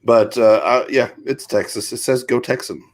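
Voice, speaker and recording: A man's voice: mid-range voice, fairly even intonation, moderate pace. A middle-aged man co-hosting a casual show, chatting in an easygoing, rambling way. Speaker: podcast co-host. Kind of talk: casual chat.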